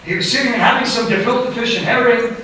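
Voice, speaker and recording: High-voiced rabbi in an echoey hall. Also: male voice, fast talker. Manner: storytelling lecturer, peppers speech with Hebrew and Yiddish terms. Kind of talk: Torah lecture. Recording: echoey hall, speaker far from mic, faint noise.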